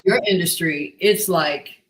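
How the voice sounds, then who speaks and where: A woman's voice: fairly low pitch, unhurried, a little hiss or hum, rough recording. A woman hosting a talk show over a video call, asking long rambling questions with many restarts and asides. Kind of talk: casual interview chat.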